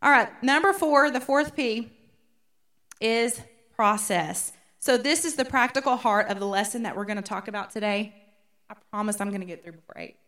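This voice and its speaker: Woman, Bible study teacher, slightly high voice, chatty, keeps checking in. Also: normal speed, a bit bright. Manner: conversational, often checking in with "okay?".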